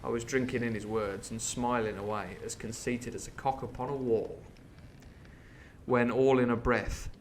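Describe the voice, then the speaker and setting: A man reading a classic adventure novel aloud as host of a live stream, with animated, jokey asides. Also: medium pitch, moderate pace, a little hiss or hum. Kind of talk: storybook reading with live commentary.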